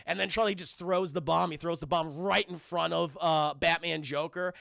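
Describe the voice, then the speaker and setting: Man, livestream recap, profane, animated, bright voice, very gravelly. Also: a little high, moderate pace, no room sound, studio quality. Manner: profane, animated retelling, addresses chat. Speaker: livestream cartoon reviewer. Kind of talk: casual livestream episode recap.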